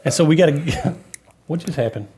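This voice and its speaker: A man, co-hosting a casual podcast and telling a story with animated energy. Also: fairly high pitch, normal speed, slight background noise. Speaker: podcast co-host, off-road racer. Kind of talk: casual chat.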